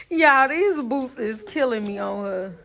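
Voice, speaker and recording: A woman's voice: sits high, big pitch swings, slow pace, gravelly, a bit bright, a little hiss or hum. Laughing young woman vlogging. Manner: chatty, laughs often, talks to viewers. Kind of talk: casual family vlog. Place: outdoors in snow and at home. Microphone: handheld phone camera.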